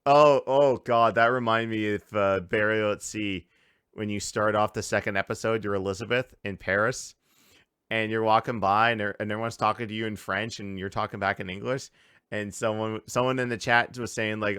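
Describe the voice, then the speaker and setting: A man's voice: on the low side, normal speed, clean tone, dry recording. Ranting Canadian man, dry sound. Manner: swearing, animated rants. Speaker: podcast host. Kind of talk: casual chat. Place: home.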